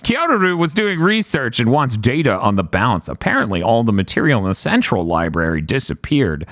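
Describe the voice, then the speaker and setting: Male podcast host, mid-pitch, very lively delivery, recaps with jokey voices and cussing, dry close mic. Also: normal speed, dry recording. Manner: acts out character quotes in jokey voices, swears freely. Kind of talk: casual comedic recap.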